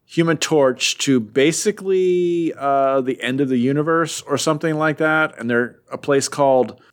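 A man's voice: on the high side, normal speed. A young man casually retelling a comic book plot, rambling with lots of fillers and offhand jokes. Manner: rambling, filler-heavy, joking.

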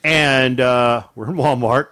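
A man's voice: slow, no room sound, clean studio sound. A man co-hosting a casual podcast, telling a funny story with lots of laughter and voiced asides. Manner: animated, laughing, mimics wife in high voice. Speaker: podcast co-host.

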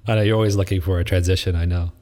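A man's voice: low voice, steady tone, fast, warm tone. A man from the American Midwest co-hosting a legal business podcast, chatting casually and laughing easily. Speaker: podcast co-host and lawyer. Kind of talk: casual chat.

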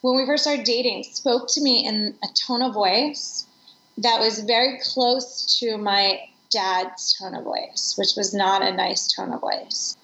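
A woman's voice: medium pitch, measured pace, vocal fry, bright, forceful tone, a little hiss or hum. A middle-aged woman speaking as an interview guest, reflective and earnest as she tells personal stories. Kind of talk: conversational interview. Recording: echoey room, dull lo-fi sound.

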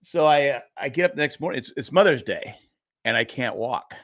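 A man's voice: medium pitch, expressive, brisk, a bit bright, dry recording, studio quality. A middle-aged man co-hosting a podcast, rambling through a story in casual chat with restarts and laughs. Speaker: podcast co-host.

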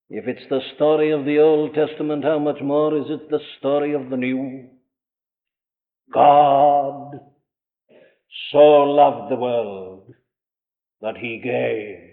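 A man preaching a sermon, asking his listeners question after question and slowing down to stress key phrases. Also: medium pitch, in a large hall. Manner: emphatic, asks the listener rhetorical questions; slows down and rises for stressed phrases. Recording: thin, phone-like old archive recording.

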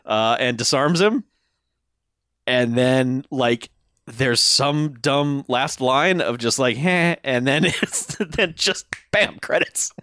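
A man's voice: medium pitch, takes it slowly, sharp tone, dry recording, clean studio sound. A man co-hosting a casual podcast movie review, recapping scenes and laughing often. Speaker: podcast co-host.

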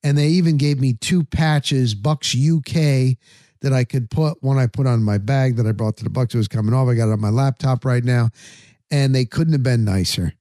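A man's voice: medium pitch, normal speed, dark tone, no room sound, clean studio sound. A middle-aged man hosting a sports talk show, telling a story casually and acting out his own thoughts in quotes. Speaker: sports radio and podcast host.

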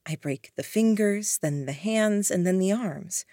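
A woman voicing an unsettling young woman who makes calm, soft-spoken threats. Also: medium pitch, unhurried, dry recording, studio quality, close to an everyday voice. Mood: softly menacing. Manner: soft, eerily gentle threats.

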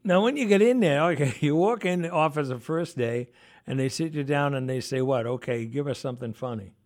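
Man, radio host, conversational, fillers, higher-pitched voice. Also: fairly quick, a little mellow. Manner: conversational, prompting questions with fillers. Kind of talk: casual interview.

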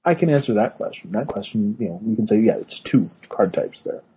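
Man, podcast co-host, dark mellow tone, very smooth resonant voice, explanatory, lots of ums. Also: on the low side, animated, brisk, low-quality recording. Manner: explanatory, many fillers and restarts. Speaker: podcast co-host, card game judge. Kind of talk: casual podcast chat. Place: Northern California.

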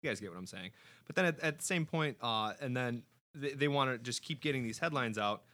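A man chatting casually who stumbles a little and jokes about his own phrasing. His voice is mid-to-low in pitch, with an everyday, unforced delivery. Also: expressive, a little fast, pushed and bright. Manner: self-deprecating, hesitant. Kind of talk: casual chat.

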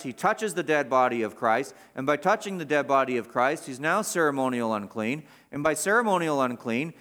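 A man with a slightly higher-pitched voice preaches an expository sermon. He talks emphatically, repeats his main points and leans hard on chosen words as he reads scripture aloud. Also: a bit bright. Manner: emphatic, repeats key phrases; stresses words while reading scripture aloud.

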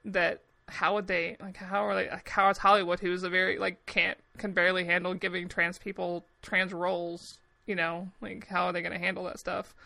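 A young woman co-hosting a podcast, telling stories in a rambling, animated way with frequent swearing. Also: lowish voice, moderate pace, gravelly, hardly any pauses. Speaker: podcast co-host. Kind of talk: casual chat.

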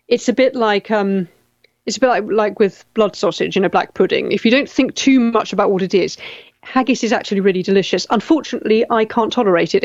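A woman's voice: mid-range voice, no echo, muffled recording. A middle-aged English woman hosting a casual chat, reading out viewer comments and often repeating her words. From England.

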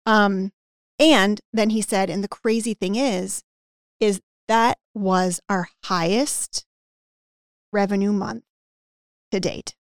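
A woman on a podcast who coaches business owners on hiring and team culture, telling a story with lively acted-out quotes and lots of "like". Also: medium pitch, takes it slowly, long pauses, clean tone, dry recording, clean studio sound. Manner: animated anecdote-telling with acted-out quotes and frequent "like".

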